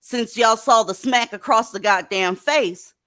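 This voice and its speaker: A woman's voice: fairly high pitch, a little slow, fairly bright tone, no room sound, clean studio sound. A woman hosting a live stream, talking casually with blunt, profane sarcasm to her viewers. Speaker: livestream host. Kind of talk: casual livestream commentary.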